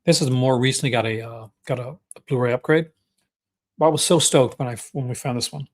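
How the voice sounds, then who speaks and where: A young Canadian man with a Canadian accent hosts a casual livestream, chatting and rambling enthusiastically with many fillers and restarts. His voice is medium-pitched and mid-range, and he talks fast.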